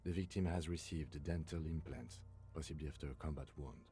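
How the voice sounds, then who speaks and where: A calm, clinical police lieutenant. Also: male voice, a bass voice, breathy edge, heavily acted. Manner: clinical, measured, dry. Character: calm, methodical adult male police lieutenant.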